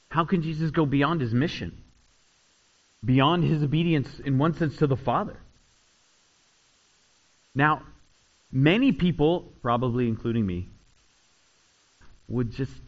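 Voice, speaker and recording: A man preaching a sermon, swinging between loud, rising retellings and quiet, low asides. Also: dull audio. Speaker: pastor.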